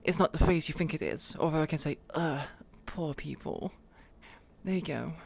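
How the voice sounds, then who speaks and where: A woman's voice: low voice, fast talker, gravelly, a little hiss or hum. A woman hosting a roleplay live stream in casual chat into her own microphone, swearing freely and laughing at herself.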